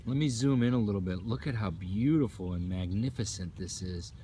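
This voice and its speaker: A man's voice: lowish voice, brisk, warm tone, slight background noise. Upbeat man streaming a sunset outdoors. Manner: upbeat, effusive, reads out viewer comments. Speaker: livestream host. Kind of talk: casual live-stream chat. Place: outdoors at a nature preserve at sunset.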